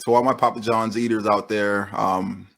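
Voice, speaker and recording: A man's voice: on the low side, flat delivery, moderate pace, creaky, fairly bright tone. A man co-hosting a podcast in laid-back, joking casual banter, often restarting his sentences. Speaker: podcast co-host.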